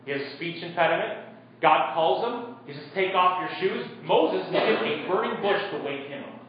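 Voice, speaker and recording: A man's voice: high-pitched, expressive, normal speed, a loud crowd. A male pastor preaching a sermon in a conversational way, acting out Bible characters and putting questions to the congregation. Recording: echoey room from far off, dull sound.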